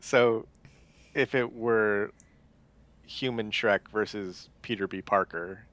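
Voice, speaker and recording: A man's voice: fairly low pitch, fairly even intonation, slow, fairly bright tone, no echo. A man chatting casually about a film, hesitant and often restarting his sentences. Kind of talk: casual chat.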